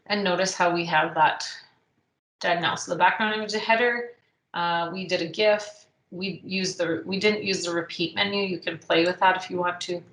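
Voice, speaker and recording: Lady walking through a screen tutorial, lowish voice, echoey room, mouse clicks. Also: fairly bright tone. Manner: thinking aloud while clicking, with frequent ums. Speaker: instructor. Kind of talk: screen-recorded software tutorial.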